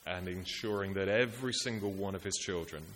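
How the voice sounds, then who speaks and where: A man's voice: low voice, a little fast, a bit bright. A man preaching a sermon, earnest and rhetorical, building his points through repetition and lists. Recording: echoey hall with faint hiss.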